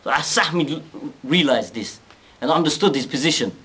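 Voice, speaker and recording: A man casually retelling a story, animated, acting out quoted speech and often restarting his sentences. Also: a little high, brisk.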